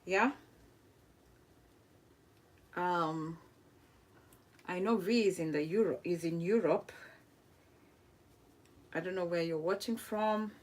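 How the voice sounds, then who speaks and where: A woman with a lowish, darkish-toned voice runs a cooking livestream and chats casually with viewers. She laughs often, tries French phrases, and speaks without hurry, using lots of fillers.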